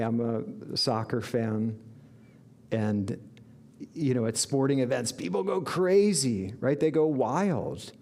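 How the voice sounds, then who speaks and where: A man speaking slowly and deliberately as a spiritual teacher, earnest and reflective. His voice sits at a middle pitch for a man, and he warms into lively bursts of enthusiasm. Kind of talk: inspirational sermon.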